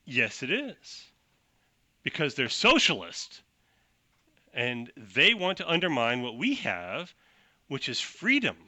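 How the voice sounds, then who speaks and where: A man's voice: mid-range voice, wildly swooping pitch, takes it slowly, long pauses, sharp tone, dry recording, full character voice. A man voicing a self-righteous male town enforcer who lectures in a pompous, preachy way. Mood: lecturing.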